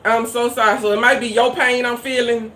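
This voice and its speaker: A woman's voice: a little high, level tone, a little fast, a bit bright, slight background noise. Woman host, chatty and folksy with viewers, casual live-stream talk. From Louisiana. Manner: chatty and folksy, heavy Southern slang. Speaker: cooking channel host.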